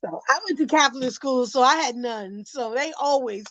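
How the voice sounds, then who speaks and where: A woman's voice: high voice, normal speed, a bit bright, dry recording, low-quality recording. A woman on a video call, chatting casually in a panel with a hesitant manner, lots of fillers and laughs between her points. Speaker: panel guest. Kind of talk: casual chat.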